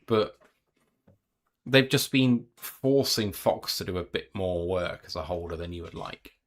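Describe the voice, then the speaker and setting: A British man hosting a live reaction stream, commentating on plays in quick bursts and reading viewer comments aloud. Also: deep voice, expressive. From United Kingdom. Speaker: podcast co-host and play-by-play commentator.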